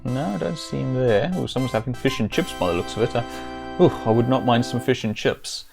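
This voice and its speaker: A man's voice: medium pitch, fairly quick, gravelly, music in the background. A man streaming a video game, chatting casually and rambling with dry, self-amused jokes. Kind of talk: casual let's-play commentary.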